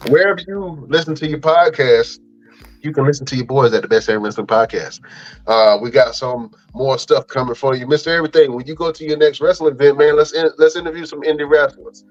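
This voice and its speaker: A man's voice: on the high side, brisk. A man hosting a podcast, casually rattling off plugs and links in a loose, chatty way full of fillers. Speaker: podcast host. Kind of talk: casual show outro with plugs. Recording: dull lo-fi audio, faint music.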